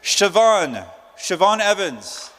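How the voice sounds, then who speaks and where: Man, high voice, upbeat joking emcee, chatty, live prize draw, echoing conference hall. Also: big pitch swings, slow, fairly bright tone, slight background noise. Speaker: emcee drawing prize winners. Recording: long hall reverb.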